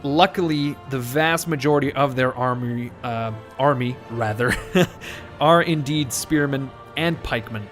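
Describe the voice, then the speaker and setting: A man's voice: medium pitch, measured pace, a bit bright, faint music behind. Rambling male game commentator. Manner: rambling, self-correcting, joking. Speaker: let's play host. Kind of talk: casual gameplay commentary.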